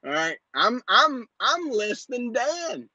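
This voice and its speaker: A man's voice: very high voice, sing-song, takes it slowly, bright, forceful tone, no room sound, lo-fi sound. A man in his thirties hosting a live Q&A as a business coach, talking in a brash, joking, motivational way into a phone. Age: 30s. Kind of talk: live Q&A stream.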